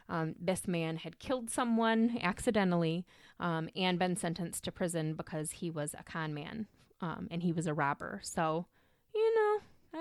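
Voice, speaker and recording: A young adult woman from Michigan hosts a podcast, her lowish voice captured with clean studio sound and no echo. She tells a true crime story casually and chattily, swearing and drifting into tangents.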